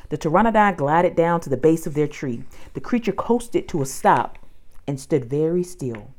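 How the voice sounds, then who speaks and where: A woman narrating a children's audiobook with an expressive storytelling delivery. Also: deep voice, normal speed.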